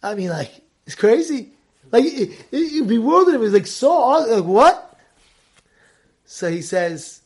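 A man gives a Torah lesson as a lively story. His voice sits high. He puts on the voices of the people in the tale and moves from near-shouts to quiet asides. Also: measured pace. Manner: animated, acts out the story's voices, swings from loud to hushed. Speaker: rabbi.

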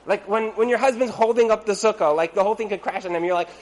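A man giving a storytelling talk to an audience as a religious teacher, conversational and animated, acting out the people in his stories. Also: high-pitched, fast, hardly any pauses, rough recording. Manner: conversational, with frequent "like" and asides.

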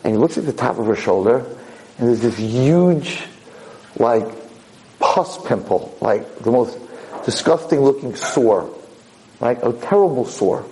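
Mellow-voiced rabbi telling a story. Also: male voice, medium pitch, measured pace, slight background noise, rough recording. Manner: animated, repeats words for emphasis. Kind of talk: Torah lecture storytelling.

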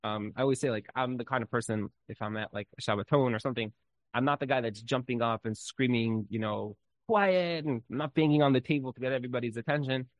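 Guy giving a relaxed torah class, talks like, you know, super loose, middle pitch, dry close sound. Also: quick pace, dry recording, poor audio. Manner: conversational, many "like" fillers, lively storytelling. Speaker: Torah teacher.

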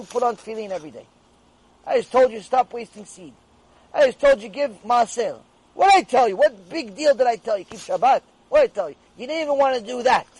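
A man voicing God as He rebukes a lazy soul, firing off repeated rhetorical questions in a high, husky voice. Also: darkish tone, heavily acted, poor audio.

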